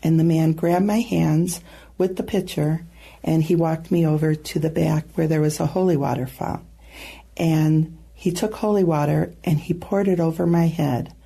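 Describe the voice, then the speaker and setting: A woman guest earnestly recounting a personal testimony, with halting pauses and soft asides. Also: low-pitched, steady tone, creaky, breathy edge. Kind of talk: personal storytelling.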